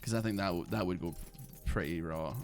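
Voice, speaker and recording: A man's voice: low-pitched, a little fast, darkish tone. A young British man streaming a game, chatting loosely with viewers and rambling with lots of fillers and restarts. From Britain. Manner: rambling, filler-heavy, restarts mid-thought. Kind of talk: live gameplay commentary, chatting with viewers. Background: faint game music.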